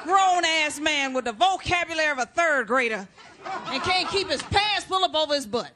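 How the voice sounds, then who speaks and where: A brash middle-aged woman comedian hollers her stand-up set in a very high, piercing voice. A roaring live crowd and heavy noise fill the background of the recording. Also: expressive, normal speed. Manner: loud, brash, shouting to the crowd. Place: stage before a live studio audience. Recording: loud live audience and noisy hall.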